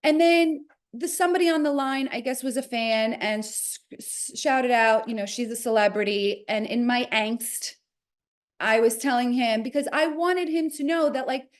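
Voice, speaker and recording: This interview guest, a woman in her forties from New Jersey, tells her story at a normal speed in a slightly high voice. Whenever she quotes someone, she acts the line out with spirited changes in tone.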